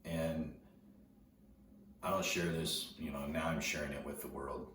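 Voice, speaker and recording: A middle-aged man telling a personal story in a halting way, often repeating words as he recalls events. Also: rumbling low, fairly even intonation, a bit bright. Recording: very echoey room, distant mic, noticeable background noise.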